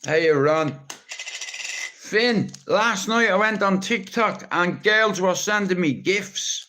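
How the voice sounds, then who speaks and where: A man with an Irish accent rambles through a live stream at an unhurried pace. He is blunt and teasing, and he swears freely. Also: high voice, pushed and bright, a little hiss or hum. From Ireland. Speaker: livestreamer.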